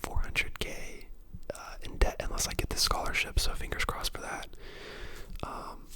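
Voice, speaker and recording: A young adult in their twenties whispering close to the mic in a relaxed ASMR ramble. The talk is loose and chatty, with plenty of ums and likes. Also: moderate pace. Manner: casual chatty whisper with many fillers. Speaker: ASMR creator and dental student. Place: at home.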